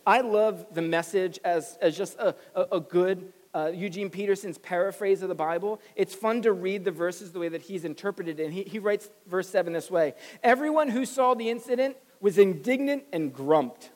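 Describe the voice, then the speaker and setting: A pastor delivers a sermon in a middle-pitched voice, animated and expressive, briefly taking on the voices of the people he describes. The sound carries a long reverb, like a big church sanctuary. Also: normal speed, hardly any pauses. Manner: animated preaching, acting out quoted voices.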